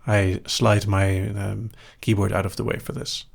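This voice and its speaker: A young Dutch man with a Dutch accent, a hypnosis show host calmly reading out and answering audience questions with dry humor. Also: fairly low pitch, vocal fry. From Netherlands. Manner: calm, unhurried, dry humor. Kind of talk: live Q&A reading chat questions.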